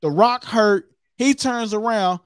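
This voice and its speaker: Wrestling chat co-host, animated, acts out moves with sound effects, mid pitch, dry close sound. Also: slow pace, smooth, no room sound.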